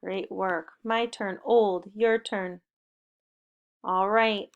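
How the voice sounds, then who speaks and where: A woman's voice: mid-range voice, steady tone, extremely slow, muffled recording. A woman teaching a spelling lesson to young children, giving upbeat and encouraging step-by-step instructions. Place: home recording.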